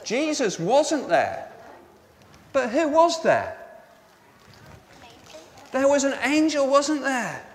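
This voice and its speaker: A man's voice: extremely high pitch, very animated, slow pace, long pauses. A male pastor giving an Easter sermon to all ages. He asks the congregation questions and repeats their answers back to them. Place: church. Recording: reverberant church with faint noise.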